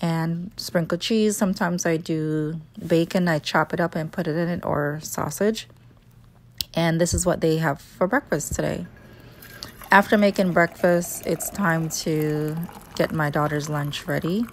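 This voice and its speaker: A Jamaican-accented woman in her thirties narrates her morning kitchen routine for a vlog in her home kitchen. Her voice sits low and unhurried as she chats in a relaxed way, explaining each step, with a little hiss or hum in the background.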